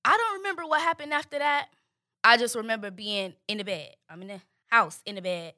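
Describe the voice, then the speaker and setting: A young woman, casually telling a profane, animated story and acting out the quotes. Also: on the high side, a little fast, no echo, clean studio sound.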